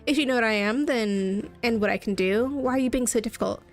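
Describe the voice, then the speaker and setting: A woman voicing a male robot detective in a game, asking calm, measured questions. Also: fairly high pitch, soft background music, lightly acted. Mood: stern.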